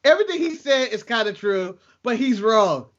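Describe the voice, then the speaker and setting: A man's voice: extremely high pitch, animated, normal speed, a bit bright, dull audio. A man co-hosting a casual wrestling podcast, joking around and laughing often. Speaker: podcast co-host.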